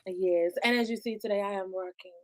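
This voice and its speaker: A woman hosting her live-streamed podcast in a casual, chatty way, laughing often and swinging from loud bursts down to soft asides. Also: mid-range voice, fairly even intonation, a little fast. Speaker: podcast host.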